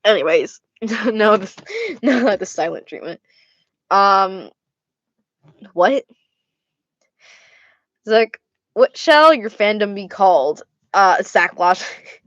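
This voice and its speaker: A young woman runs through fan questions in a loose vlog chat, blunt and quick to laugh, with plenty of swearing. Her voice sits at a middling pitch. It is recorded close and dry, with no room sound. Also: expressive, no echo. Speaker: vlogger answering fan questions. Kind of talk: casual Q&A vlog.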